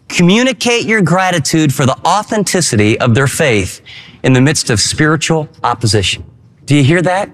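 A man delivers a sermon with a high, bright voice that leaps up and down in pitch. He preaches emphatically, stretching out key phrases and pausing for effect. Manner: animated, emphatic preaching with dramatic pauses. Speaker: pastor.

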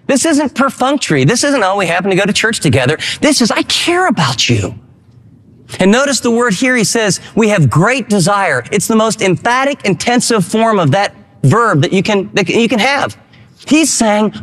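A male pastor preaching a sermon, emphatic and animated, with dramatic pauses. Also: sits high.

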